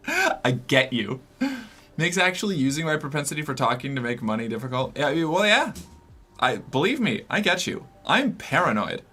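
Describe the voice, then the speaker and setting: A man's voice: fairly high pitch, big pitch swings, brisk, pushed and bright, faint music behind. A young man from the US Northeast streaming and chatting casually with viewers, talkative and rambling with many fillers. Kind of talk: casual chat reading viewer messages.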